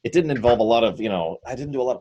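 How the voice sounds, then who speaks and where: A man playing a tabletop game, talking in a playful, animated way and chuckling often. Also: medium pitch, rapid-fire, muffled recording. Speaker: player.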